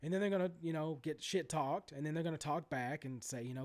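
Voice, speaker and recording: This man in his forties, a sports card collector vlogger, speaks fast in a fairly high voice while ranting about card prices. He's animated and profane, constantly veering into asides and restarting.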